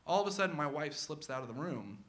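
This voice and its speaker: Male storyteller, 30s, slightly high voice, comic and animated, live first-person storytelling. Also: quick pace. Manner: animated, comic, acts out his kids' voices.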